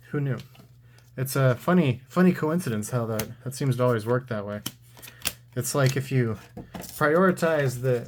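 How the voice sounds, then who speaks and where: A man's voice: medium pitch, background noise. Dry, sarcastic man opening card packs. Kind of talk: casual pack-opening commentary.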